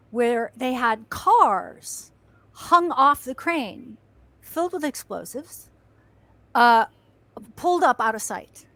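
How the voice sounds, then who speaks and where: A woman, a guest actress and stuntwoman, telling animated stories and acting out shouts and screams with frequent laughter. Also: a little high, no echo. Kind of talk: animated storytelling.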